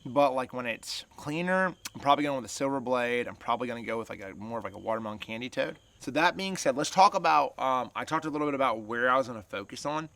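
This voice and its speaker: A man's voice: mid-range voice, gravelly, fairly bright tone. A man hosting a fishing channel, chatting casually to camera as he explains his gear step by step and asks viewers for their opinions.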